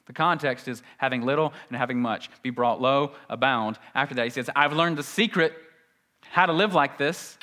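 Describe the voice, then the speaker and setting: A man preaching a sermon, moving between quiet, intense lows and urgent, rising pleas. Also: normal speed. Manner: dynamic preaching, drops to soft intense lows and rises to urgent pleading. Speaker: pastor.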